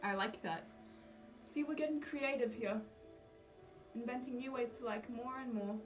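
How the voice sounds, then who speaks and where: Speaking at a normal speed in a voice on the high side, a young cosplay livestreamer chats casually with her viewers. She's self-deprecating and easily sidetracked, and music plays in the background of the distant-mic recording.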